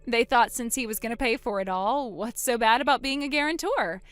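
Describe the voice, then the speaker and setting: A woman voicing a calm, vengeful young woman who coldly springs a trap on her sister in a text-story drama. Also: fairly high pitch, brisk, smooth, no room sound, faint music behind, lightly acted. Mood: cold triumph. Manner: cool, quiet, coldly sarcastic.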